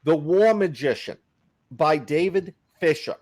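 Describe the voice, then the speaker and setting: Middle-aged male podcast co-host, fairly high voice, lively storyteller. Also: a little slow. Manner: animated anecdote-teller, acts out quotes. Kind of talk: casual storytelling chat.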